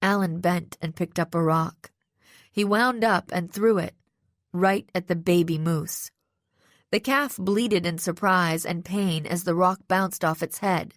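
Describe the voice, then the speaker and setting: A woman reading a first-person audiobook narration in a steady, even storytelling manner, close to the microphone. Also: on the low side, no echo. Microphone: close studio microphone.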